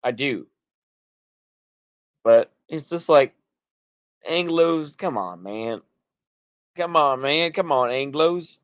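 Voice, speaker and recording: A slightly high-voiced American streamer with a Texan accent speaks slowly and pauses often, animated despite the muffled, echo-free recording. He sounds somewhat drunk reacting to chat, restarting loosely and trailing off mid-thought.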